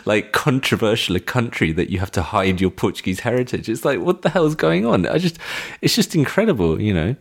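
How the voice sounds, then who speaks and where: A man of Indian background co-hosting a podcast, talking thoughtfully and often pausing to find his words. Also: on the low side, big pitch swings, creaky. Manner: thoughtful, searching for words, restarts. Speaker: podcast co-host. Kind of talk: casual music discussion.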